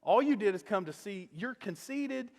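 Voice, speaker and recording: A man's voice: sits high, lively intonation, normal speed, vocal fry, in a large hall. A man voicing a jealous older brother who scolds his younger sibling in an accusing tone. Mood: scornful.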